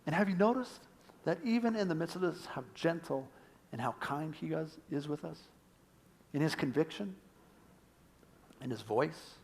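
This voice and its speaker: A male pastor delivering a sermon with a somewhat high voice. He is earnest and pleading, pushing hard on key points before dropping to a hush. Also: animated, normal speed, creaky, long pauses. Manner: earnest, swings from emphatic to hushed.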